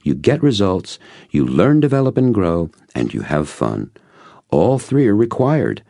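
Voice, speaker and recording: A man playing a patient male network marketing coach who explains his ideas in a measured, emphatic way. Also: on the low side, big pitch swings, gravelly, dark tone, no echo, studio quality, pitched above the performer's own voice, heavily acted. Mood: instructive. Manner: measured, emphatic teaching delivery.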